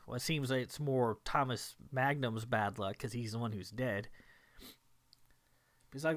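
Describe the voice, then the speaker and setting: A man's voice: medium pitch, lively intonation, moderate pace, a bit bright. A man giving casual film commentary, retelling a plot with wry jokes.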